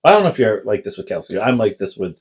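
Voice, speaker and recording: A man's voice: on the low side, very animated, fast, a little mellow, slightly rough, rough recording. A man co-hosting a podcast, telling a long anecdote in casual chat, full of fillers and quoted lines. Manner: rambling, filler-heavy storytelling with acted quotes. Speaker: podcast co-host.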